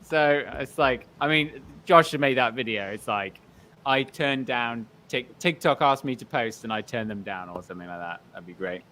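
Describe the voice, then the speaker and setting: A man's voice: mid-range voice, normal speed, pushed and bright. A man as a podcast guest in casual chat, blunt and self-mocking, acting out other people's lines as he talks.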